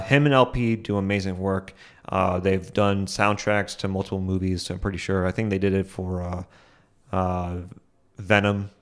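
A young man talks through his solo podcast in a loose, rambling way, with lots of fillers and side remarks. His voice sits fairly low. He often pokes fun at himself and breaks into small chuckles. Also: smooth. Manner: rambling, full of fillers and asides; self-deprecating, chuckles often. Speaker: podcast host.

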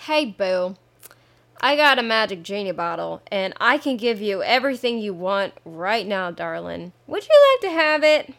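A woman doing a sassy, teasing friend holding out a magic genie bottle, with a vague put-on accent that slides up high at the end. The voice is playful, like a quick podcast aside. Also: very animated, vocal fry, fairly bright tone.

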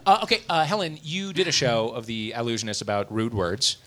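A man hosting a live comedy quiz podcast, energetic and laughing, with an announcer-like delivery. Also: medium pitch, brisk. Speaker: host.

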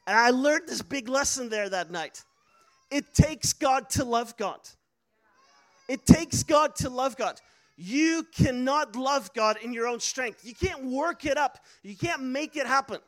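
A man's voice: extremely high pitch, expressive, unhurried. A man preaching a sermon, telling a personal story earnestly with many fillers and restarts. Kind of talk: sermon testimony.

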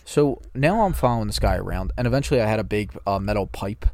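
Here a podcast co-host with a lowish, mellow voice talks fast and with lively intonation, and there's no echo. His casual anecdote rambles on, peppered with plenty of swearing.

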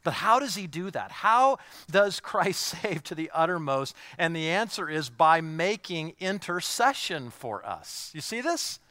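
Bright-voiced male preacher, hushed to fervent. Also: fairly high pitch, expressive, a little slow, no echo, clean studio sound. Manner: swings from hushed, near-whispered intimacy to raised, emphatic preaching; asks the congregation direct questions. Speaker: pastor. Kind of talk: sermon.

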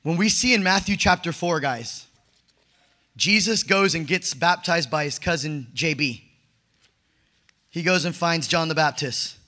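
High, very bright animated preacher man. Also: measured pace, pauses often. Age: 30s. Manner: animated storytelling with slang, rising to shouts. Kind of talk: sermon.

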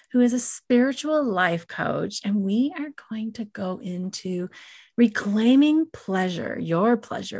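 Breathy woman podcast co-host. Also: medium pitch, a little mellow. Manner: playful, encouraging, breathy sexy voice. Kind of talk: casual podcast interview.

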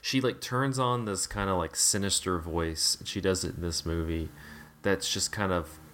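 A man's voice: low voice, normal speed, fairly bright tone, a little hiss or hum. A man in casual podcast chat about a film, rambling with many fillers and restarts.

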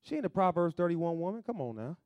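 Preaching man, hushed to shouting. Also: high voice, sing-song, fast, dry recording, dull audio. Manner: dramatic swings from hushed to shouting, conversational preaching. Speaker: pastor. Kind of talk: sermon.

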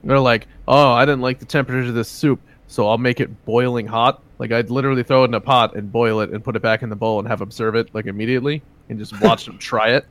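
A man's voice: medium pitch, steady tone, quick pace, hardly any pauses, fairly bright tone. A man in a casual chat among friends, swearing bluntly as he rants about restaurant customers and laughs along the way.

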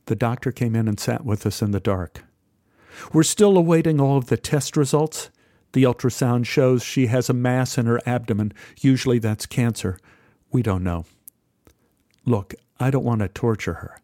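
A middle-aged man telling a personal story in an earnest, measured and heartfelt way. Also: mid-range voice, warm tone, no room sound, clean studio sound.

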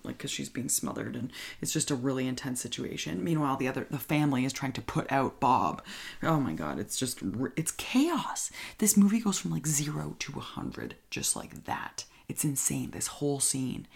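Young woman with heavy vocal fry. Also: a bass voice. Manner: gushing, fillers of "like" and "oh my God", drops to whispers. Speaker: movie recap vlogger. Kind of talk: casual film recap and reaction.

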